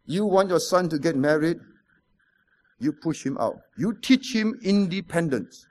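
High-voiced preacher. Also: male voice, lively intonation, unhurried, darkish tone. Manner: storytelling, rhetorical questions, emphatic repetition. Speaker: pastor. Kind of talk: sermon.

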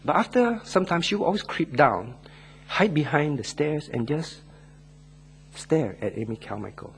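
A man preaching a sermon and leading a closing prayer, earnest, swinging from loud stressed words to hushed lines and drawing key words out slowly. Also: a little high, animated, a little hiss or hum.

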